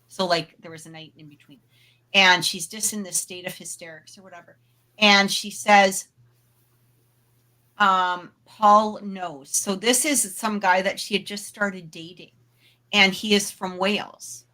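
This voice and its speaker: A woman co-hosting a paranormal talk show casually tells a personal story, chatty and full of fillers and asides, laughing readily as she goes. Her mid-range voice has a sharp tone, fairly even intonation, and a slightly slow pace.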